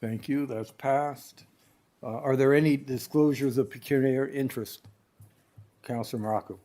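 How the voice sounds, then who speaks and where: A man's voice: mid-range voice, steady tone, dark tone. A man chairing a regional council meeting, speaking with frequent ums and restarts in a council chamber. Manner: halting, many ums and restarts.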